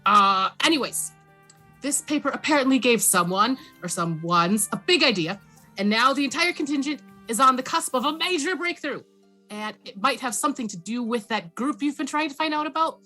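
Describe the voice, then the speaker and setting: A man's voice: very high-pitched, bright, forceful tone, pitched above the performer's own voice, full character voice. A woman voicing a rambling, scholarly father who rambles, corrects himself and apologizes in a recorded magical message.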